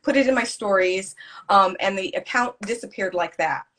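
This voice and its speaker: A woman guest in a casual conversation, telling her story in an animated way and swearing freely. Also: mid-range voice, normal speed, slight background noise.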